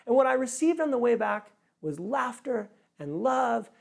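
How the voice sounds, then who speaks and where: A pastor giving an earnest sermon, often repeating words for emphasis. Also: male voice, extremely high pitch, big pitch swings, normal speed, creaky.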